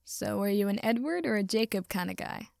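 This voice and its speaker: A woman reading a story aloud and voicing a wry, soft-spoken young man who teases gently, close to her own voice. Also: mid-range voice, lively intonation, fairly quick, creaky, no room sound.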